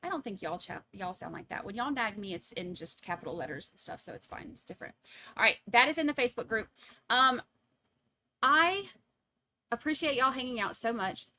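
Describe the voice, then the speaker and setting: Her voice high, bright, and pushed, this woman speaks briskly and animatedly as she hosts a livestream. A trial commentator, she chats casually and rambles while saying goodbye to her viewers.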